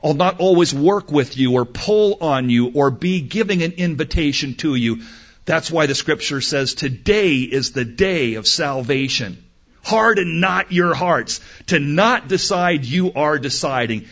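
A man preaching an emphatic sermon in an outdoor amphitheater, slipping into the hesitant voices of imagined doubters before driving his point home. His voice sits at an ordinary middle pitch. The recording is somewhat dull and lo-fi. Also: fairly bright tone. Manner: emphatic, acts out listeners' doubtful replies.

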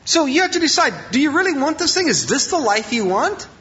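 A male pastor giving an informal, joking sermon, animated and often acting out voices. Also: very high-pitched, brisk, lo-fi sound.

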